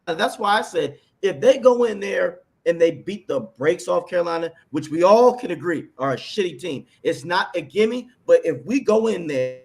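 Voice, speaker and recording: Excitable high-voiced sports co-host. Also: male voice, normal speed, creaky, few pauses. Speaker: podcast co-host. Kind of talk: casual sports chat.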